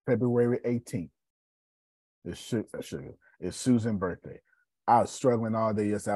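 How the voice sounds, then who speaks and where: A man hosting a live video show, talking casually with animated, preachy energy. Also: on the low side, a little fast, husky, dry recording, clean studio sound. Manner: animated and preachy, with Southern Black American slang. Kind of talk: casual live-stream talk.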